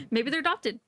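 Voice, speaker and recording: Giggly high-voiced young woman, dry sound. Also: pushed and bright, dry recording. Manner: playful, giggly, quick tangents. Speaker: podcast co-host. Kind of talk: casual chat.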